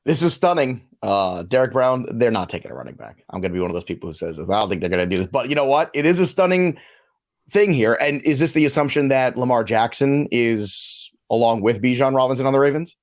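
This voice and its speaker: A man's voice: medium pitch, expressive. Teasing man hosting a draft panel. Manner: teasing, brisk. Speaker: host.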